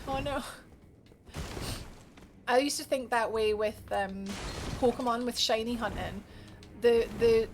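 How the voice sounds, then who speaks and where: A woman's voice: a little high, slight background noise. A young woman livestreaming a game, chatting casually and bubbly, answering her viewers by name and laughing often. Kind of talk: casual live gameplay commentary.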